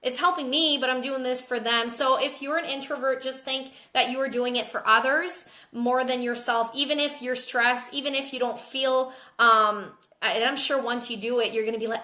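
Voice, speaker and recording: A jet-lagged woman chats on a live stream, candid and unscripted, stumbling and repeating small words as she goes. Her voice sits a little high and sounds bright and forceful. The room around her rings with echo. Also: fairly even intonation, fairly quick, few pauses. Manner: casual, candid, repeats words while thinking. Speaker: network marketing team leader. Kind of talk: live video Q&A.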